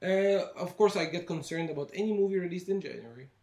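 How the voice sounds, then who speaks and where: A man co-hosting a casual movie news chat, animated and laughing often. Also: sits high, quick pace, reverberant. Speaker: co-host.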